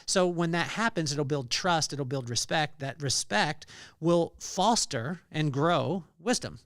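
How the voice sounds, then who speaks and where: Male podcast host, devotional talk, slightly high voice, dry booth sound, loose and conversational. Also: expressive, a little slow, fairly bright tone, no echo. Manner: conversational, storytelling with frequent fillers and restarts.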